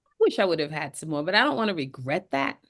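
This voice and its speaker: A middle-aged woman co-hosting a podcast, telling a personal story in casual chat and acting out the voices she quotes. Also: quick pace. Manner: animated, acts out quoted voices with big pitch jumps. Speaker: podcast co-host.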